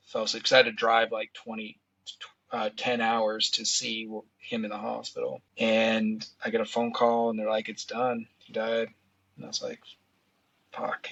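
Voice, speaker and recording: A man's voice: on the low side, vocal fry, pushed and bright, dull audio. A man in his thirties telling a painful personal story in a candid, casual way, often saying "you know" and "dude". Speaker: podcast guest.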